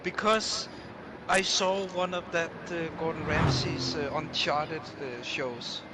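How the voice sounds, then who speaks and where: Higher-voiced man over loud noise. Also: steady tone. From Denmark. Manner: halting, with many fillers and restarts. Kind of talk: casual chat.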